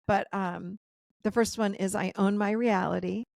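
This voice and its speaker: Woman coach on a video call, gravelly voice, dry close sound, chatty and laughing a lot. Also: mid-range voice, moderate pace, no room sound. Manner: animated, laughing, acts out client quotes. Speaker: guest coach and author. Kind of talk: casual interview chat.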